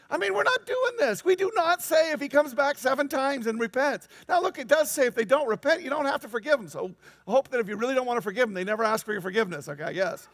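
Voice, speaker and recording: A man preaching a sermon, animated and emphatic, with incredulous asides. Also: very high voice, brisk, gravelly, no echo. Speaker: pastor.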